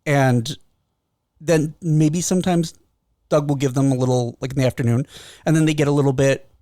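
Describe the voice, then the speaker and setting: A man's voice: fairly high pitch, steady tone, moderate pace, warm tone, no room sound, clean studio sound. A man co-hosting a podcast, telling a story in casual chat and acting out his cats' voices. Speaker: podcast co-host.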